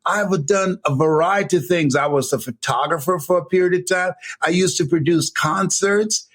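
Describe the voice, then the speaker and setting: An older man giving an energetic, preacher-like motivational talk, emphatic and whooping, recorded on a camera in a room. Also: high-pitched, normal speed. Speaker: motivational speaker.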